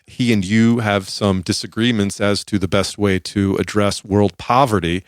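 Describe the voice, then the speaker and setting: A man's voice: fairly low pitch, fairly even intonation, moderate pace, no room sound, clean studio sound. Chatty, emphatic male podcast host. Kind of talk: podcast intro and interview.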